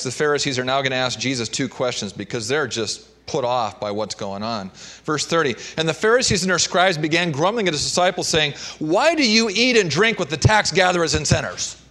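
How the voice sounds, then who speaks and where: A man preaching a sermon, shifting between emphatic and hushed delivery. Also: medium pitch. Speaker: pastor.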